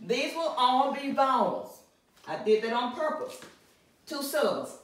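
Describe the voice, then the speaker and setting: Woman teacher, slow and deliberate, mic well off in a strongly echoing room. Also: sits high, big pitch swings. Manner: slow, deliberate, stresses syllables loudly; laughs at herself. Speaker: Spanish teacher. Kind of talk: classroom lesson at a whiteboard. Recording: roomy echo from far off, faint music.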